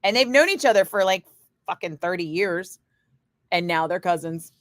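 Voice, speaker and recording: Middle-aged woman DJ, low voice, blunt and salty, chatting live into a dry studio mic. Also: expressive, dry recording. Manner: blunt, swears freely, quick asides to chat. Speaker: radio DJ chatting with livestream viewers. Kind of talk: casual livestream chat. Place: home studio. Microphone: studio microphone.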